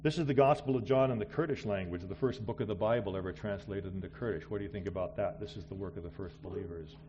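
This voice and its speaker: A middle-aged man preaching a missionary sermon, swinging between loud exclamations and quiet asides. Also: low-pitched, fast, breathy edge, highs cut off.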